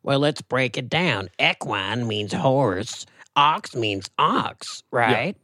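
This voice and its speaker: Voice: medium pitch, expressive, slow pace, sharp tone, no echo, studio quality. A performer voicing a folksy, gossipy talking possum in a comedy podcast sketch. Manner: folksy drawl, complaining storyteller.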